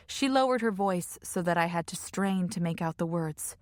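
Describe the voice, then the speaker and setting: A woman reading a first-person fantasy audiobook in a measured, emotive way on a close studio mic. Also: fairly low pitch, animated, no echo. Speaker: audiobook narrator.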